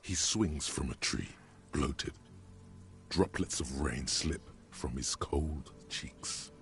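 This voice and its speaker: A man voicing a brooding, deadpan inner-voice narrator in a video game, deep and measured. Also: full character voice. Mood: somber. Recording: game audio with music playing.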